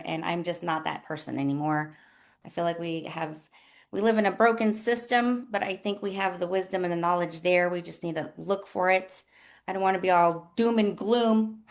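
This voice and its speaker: A woman who works as a nurse coach, hosting a casual motivational talk in a candid, rambling way with lots of fillers. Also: on the low side. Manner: rambling and chatty, full of fillers like "like" and "um"; candid and self-deprecating.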